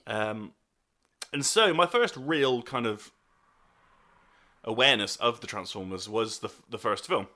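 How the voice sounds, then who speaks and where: A man's voice: medium pitch, animated, unhurried, long pauses, sharp tone. A man hosting a casual podcast chat, teasing and joking with his guest and laughing easily. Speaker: podcast host.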